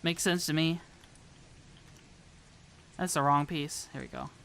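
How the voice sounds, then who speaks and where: A woman's voice: low voice, fairly even intonation, takes it slowly, vocal fry, fairly bright tone. A woman from the American South chatting casually with viewers as a streamer while she builds a model. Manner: rambling, chatty, talks to viewers. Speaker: VTuber streamer.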